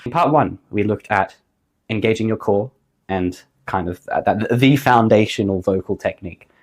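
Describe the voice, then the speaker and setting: Slightly hoarse man teaching singing. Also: on the low side, moderate pace. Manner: upbeat, jokey, emphatic on key points. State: slightly hoarse after flu. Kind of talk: vocal lesson to camera.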